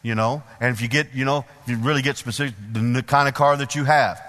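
A middle-aged male preacher giving a sermon in a church, folksy and animated, putting questions to the congregation. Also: medium pitch, quick pace. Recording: long hall reverb.

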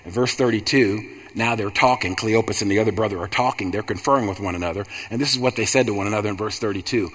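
A man's voice: on the low side, quick pace, fairly bright tone, husky. A man preaching a sermon in a repetitive, rhythmic cadence that builds to emphatic bursts. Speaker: pastor. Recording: long hall reverb.

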